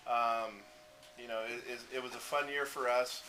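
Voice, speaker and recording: A man gives a junior varsity coach's banquet speech, spinning anecdotes and slipping into quoted lines from the kids. His voice sits at a middling pitch, and steady noise runs behind it. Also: moderate pace. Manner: storytelling, acts out players and himself. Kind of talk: banquet speech telling stories. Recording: noisy room recording.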